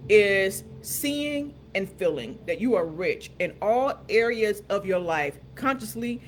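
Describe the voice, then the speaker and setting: A woman's voice: mid-range voice, expressive, faint music behind. Emphatic woman leading affirmations. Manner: emphatic, repeats phrases slowly for emphasis. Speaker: host. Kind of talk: motivational affirmation talk.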